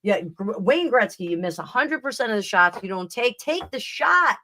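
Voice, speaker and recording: A woman's voice: medium pitch, very animated, moderate pace, pushed and bright. A woman hosting a live tarot stream, chatting casually and rambling, with frequent laughs and restarts. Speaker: tarot reader and livestream host. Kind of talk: casual livestream chat.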